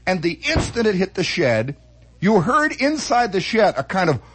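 A man telling a comic story from his childhood as a monologue, animated, acting out sound effects and voices with many restarts. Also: high voice, moderate pace, a little hiss or hum.

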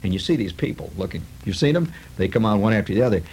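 A man's voice: lowish voice, fast talker, a little hiss or hum, low-quality recording. A man in a comic monologue, telling stories with sarcasm and lots of fillers. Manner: animated, sarcastic storytelling with many fillers.

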